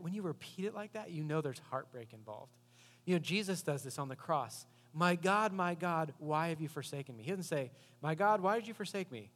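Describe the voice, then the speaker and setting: Man, pastor, earnest conversational preaching, slightly high voice, reverberant hall. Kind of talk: sermon.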